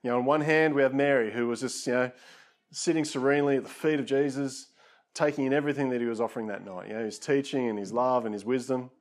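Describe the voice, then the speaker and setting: A man's voice: medium pitch, steady tone, fast talker. A man preaching a conversational sermon, casual and self-deprecating, with frequent asides to his listeners.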